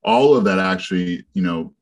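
A man's voice: low-pitched, steady tone, normal speed. A man as a guest in a casual conversation, talking directly and using everyday analogies.

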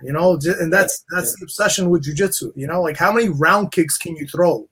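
Husky-voiced man talking in rambling bursts. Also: fairly high pitch, fairly quick, hardly any pauses, a bit bright. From New York. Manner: rambling, restarts often with "you know". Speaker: guest, jeweler and jiu-jitsu black belt. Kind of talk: casual podcast interview.

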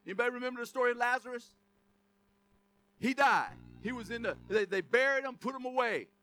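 A man's voice: very high-pitched, brisk, sharp tone, dry recording, faint music behind. A middle-aged man preaching a sermon in a conversational, joking way, full of asides and laughter. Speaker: pastor.

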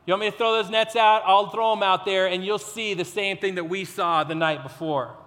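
A man's voice: high voice, steady tone, brisk, fairly bright tone, long reverb tail. A man voicing a weary, grumbling fisherman with a sarcastic, exasperated edge.

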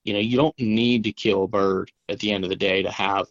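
West Virginia man, lowish voice, reflective podcast co-host, muffled dry sound. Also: steady tone, no room sound. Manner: sympathetic, reflective, drawn-out phrasing. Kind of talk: casual podcast chat.

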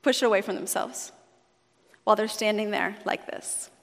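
A woman's voice: medium pitch, steady tone, normal speed. A woman pastor preaching a sermon in a conversational, storytelling way, in a church sanctuary. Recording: long hall reverb.

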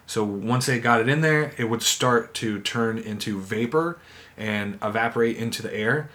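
A man chatting casually on a podcast, telling animated stories with plenty of swearing and laughter. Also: medium pitch, moderate pace. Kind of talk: casual chat.

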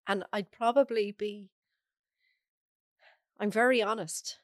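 An Irish woman with a hoarse, bunged-up voice, talking openly and bluntly as an interview guest. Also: mid-range voice, fairly even intonation, slow pace, no room sound, clean studio sound. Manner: frank, chatty, laughs often. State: hoarse from a cold. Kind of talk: casual interview chat.

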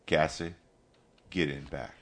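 A man voicing a big, calm farmhand who speaks quietly and firmly in a storybook reading. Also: very deep voice, takes it slowly, vocal fry, full character voice. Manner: quiet, firm, urgent.

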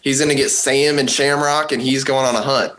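A man co-hosting a casual music podcast, talking in a relaxed, rambling way full of "you know" and "like". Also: mid-range voice, a little fast. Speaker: podcast co-host.

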